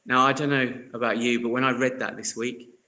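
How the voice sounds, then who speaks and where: A young adult man, preaching a sermon in an earnest way that swings between soft reflection and emphatic bursts. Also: medium pitch, little pitch movement, fairly quick, a little hiss or hum. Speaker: pastor.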